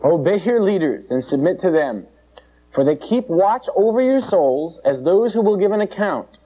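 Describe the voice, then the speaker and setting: A male preacher giving a conversational, animated sermon and acting out the characters in the story. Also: sits high, moderate pace, muffled recording.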